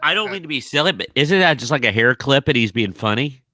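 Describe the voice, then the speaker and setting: A man co-hosting a podcast in casual chat, making quick self-deprecating asides. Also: medium pitch, expressive, sharp tone. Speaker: podcast co-host.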